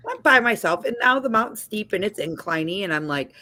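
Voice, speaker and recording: A woman hosting a casual livestream chat, telling a story in a lively way over a video call. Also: medium pitch, brisk. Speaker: host.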